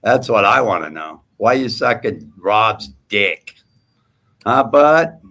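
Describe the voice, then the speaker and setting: A man's voice: fairly low pitch, expressive, takes it slowly, bright, forceful tone. A man hosting a livestream panel, taunting and cursing at a rival in heated trash talk. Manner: profane, taunting, mocking. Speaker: livestream host.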